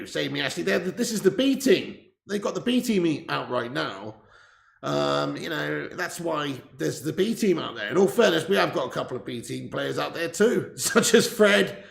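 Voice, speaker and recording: A live stream host runs a casual football watch-along indoors, laughing often while reading viewer messages aloud. His voice is heavily gravelly and a little high. A distant laptop mic with the gain turned up picks him up in a roomy, echoing space.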